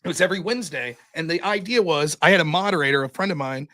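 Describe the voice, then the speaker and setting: A young man telling a story on his stream in a profane, animated way, as the host of the show. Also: on the high side, quick pace.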